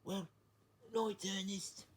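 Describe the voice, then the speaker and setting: Someone voicing a calm storyteller character in a homemade story video. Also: mid-range voice, slow pace, slight background noise, lightly acted.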